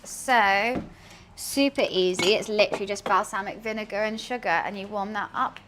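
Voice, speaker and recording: A woman's voice: mid-range voice, moderate pace, a bit bright, slight background noise. A young woman with a slight lisp, chatting playfully with her stream chat while she cooks. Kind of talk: casual cooking stream chat.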